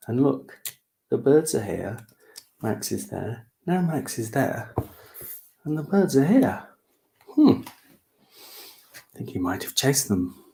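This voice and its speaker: A playful man reads a picture book to children, slow and unhurried. His pitch swoops widely, with a gravelly edge. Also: very animated, mellow. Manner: playful, asks the children questions. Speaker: children's author reading aloud. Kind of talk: children's storytime reading.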